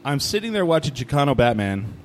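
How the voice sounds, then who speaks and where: A man's voice: medium pitch, fast, slight background noise. A man co-hosting a casual chat, telling stories and acting out what people said, recorded in a distillery. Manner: animated storyteller, acts out quotes. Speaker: podcast co-host.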